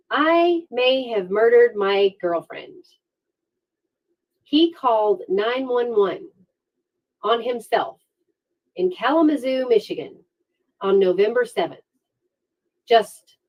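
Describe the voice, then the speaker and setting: A woman hosting a true-crime livestream, telling the case in a casual, sarcastic and animated way. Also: mid-range voice, highs cut off.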